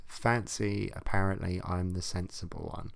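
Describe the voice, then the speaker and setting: A man's voice: sits low, steady tone, moderate pace, vocal fry, no echo. A man hosting a comic show, reading out advice letters and ranting about them with blunt, sweary sarcasm. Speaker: host reacting to advice letters.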